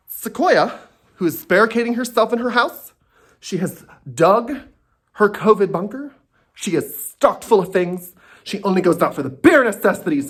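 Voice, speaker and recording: A man delivering an angry, profane and sarcastic comedy rant from home, talking to himself and breaking off mid-thought. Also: sits high. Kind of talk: ranting comedy monologue.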